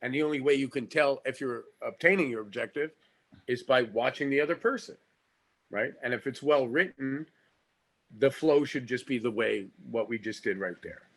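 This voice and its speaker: A man's voice: mid-range voice, normal speed, a bit bright. A middle-aged man from Canada, a guest actor in a casual podcast interview, talking frankly with many stammering restarts.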